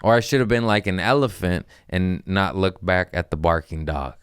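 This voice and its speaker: A young adult man, a comedian hosting a podcast, telling stories in an animated, profane, self-mocking way with quick laughs. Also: sits low, clear, resonant tone, no room sound, clean studio sound. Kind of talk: casual storytelling monologue.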